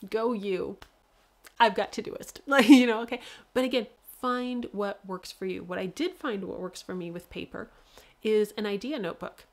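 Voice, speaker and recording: A woman's voice: medium pitch, moderate pace. A woman author hosting a casual livestream, talking freely with lots of fillers and frequent laughter. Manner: chatty, laughs often, many fillers.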